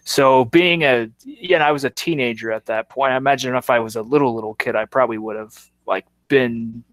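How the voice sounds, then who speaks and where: A man's voice: medium pitch, brisk, a bit bright, no echo. A man in his thirties, a guest in a casual chat, talking in a reflective, rambling way.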